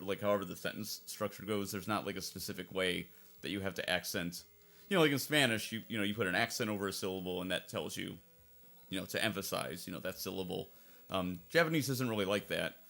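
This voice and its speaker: A man's voice: fairly low pitch, vocal fry, a bit bright. A man casually commentating over a game playthrough as its fan translator, rambling and circling back on his points. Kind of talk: casual let's-play commentary.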